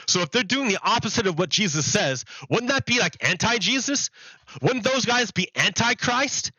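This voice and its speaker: A man with a high, bright voice tells a story to his stream viewers, rambling and circling back over the same points. The mic sounds close and dry, with a slightly dull, lo-fi edge. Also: expressive, moderate pace, slightly rough, no echo. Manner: rambling, repeats himself, laughs at the absurdity. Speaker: livestreamer.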